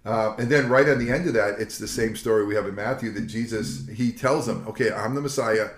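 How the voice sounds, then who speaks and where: An older man, a pastor co-hosting a casual Bible discussion, telling the stories in a lively folksy way and acting out the quotes. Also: on the low side, a little fast. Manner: animated storyteller, acts out quotes, folksy. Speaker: pastor and co-host. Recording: echoey room.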